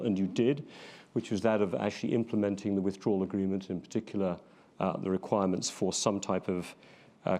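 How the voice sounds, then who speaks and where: A man's voice: fairly low pitch, a little mellow. A man moderating a panel, asking a long question with many ums and restarts. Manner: hesitant, lots of ums and restarts. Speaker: event moderator.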